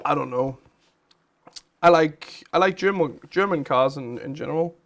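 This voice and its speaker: A man's voice: fairly high pitch, moderate pace, vocal fry. A man hosting a game live stream, chatting casually as he plays, with a chatty, rambling manner. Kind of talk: casual live-stream chat while playing games.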